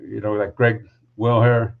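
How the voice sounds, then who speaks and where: A man's voice: lowish voice, little pitch movement, unhurried, creaky, clean tone, phone-quality sound. A man who is a podcast guest, telling a story casually and rambling with lots of asides.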